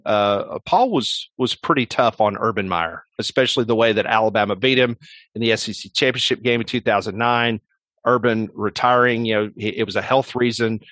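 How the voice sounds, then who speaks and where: A man's voice: fairly low pitch, fairly bright tone, no room sound. A man on a sports radio interview, telling a long story in a rambling, casual way full of fillers. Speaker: sports radio host, guest.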